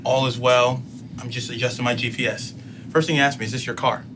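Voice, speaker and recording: A man in his thirties, a councilman and student, telling a personal story in an interview in a measured way, quoting what was said. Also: medium pitch, little pitch movement, background noise. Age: 30s. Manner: measured, recounting events with quoted dialogue.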